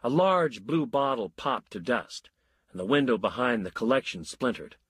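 A man narrating a story in a wry, measured way. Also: mid-range voice, lively intonation, a bit bright, husky, no room sound.

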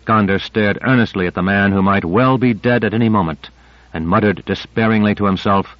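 A man reading a thriller aloud as an audiobook narrator, in a measured, steady way. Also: lowish voice, no room sound. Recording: dry, slightly dull recording.

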